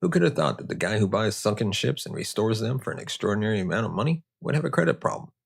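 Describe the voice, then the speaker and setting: A man's voice: on the low side, sing-song, fast talker, creaky, husky. A man hosting a history show, narrating with joking, conversational asides. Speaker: host.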